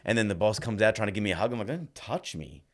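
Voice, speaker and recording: A man in his thirties, a podcast guest telling casual stories, animated, acting out dialogue and saying "like" and "bro" a lot. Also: lowish voice, racing. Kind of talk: casual storytelling.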